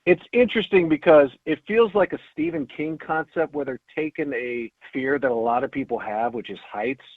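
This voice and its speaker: A man's voice: on the high side, animated, moderate pace, dry recording. A man chatting casually as a guest co-host, joking and rambling. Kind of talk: casual chat. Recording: tinny phone-line sound.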